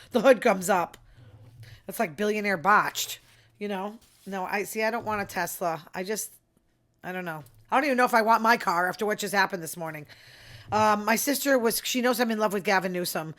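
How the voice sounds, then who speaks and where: A woman runs her podcast alone, mid-range in voice and fairly bright in tone, keeping things chatty. She offers plenty of opinions, punctuated by murmured side comments.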